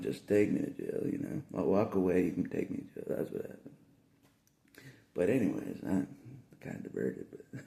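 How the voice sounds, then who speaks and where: A man's voice: low-pitched, gravelly, mellow, echoey room. A man talking in a rambling casual monologue, laughing often and repeating himself.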